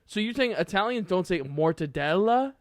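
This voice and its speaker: A man's voice: medium pitch, sing-song, brisk, dry recording, studio quality. A young man co-hosting a podcast in casual chat, laughing often and trailing off mid-sentence. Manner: laughs a lot, trails off, restarts. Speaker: podcast co-host.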